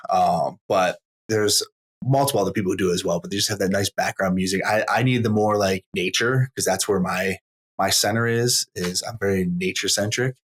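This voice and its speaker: A man's voice: sits low, a bit bright, slightly rough. A man hosting a podcast, reacting with enthusiasm and chatting casually with his guest. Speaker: podcast host. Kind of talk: casual conversational interview.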